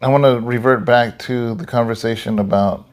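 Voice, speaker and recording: A man's voice: mid-range voice, steady tone, moderate pace. A man who is a pastor, chatting casually with his wife and cutting in with short remarks. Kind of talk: casual chat.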